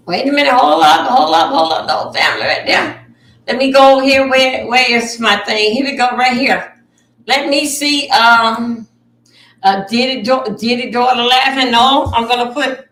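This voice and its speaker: A woman's voice: fairly high pitch, moderate pace, fairly bright tone, a little hiss or hum. A woman hosting a live stream, reacting to clips in a dramatic, exclamatory way and talking straight to her viewers. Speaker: livestream host. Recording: echoey room, distant mic.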